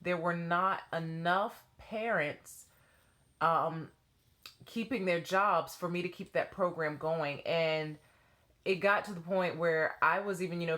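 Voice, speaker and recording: A woman, probably in her thirties, who taught dance to children, telling a personal story to camera in an animated way and acting out voices. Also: lowish voice. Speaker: former children's dance teacher.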